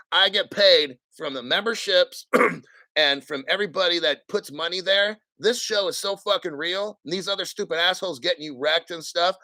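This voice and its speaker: Profane, combative man with a bright voice. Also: high voice, no room sound. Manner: clears his throat often. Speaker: crypto channel host. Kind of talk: livestream rant.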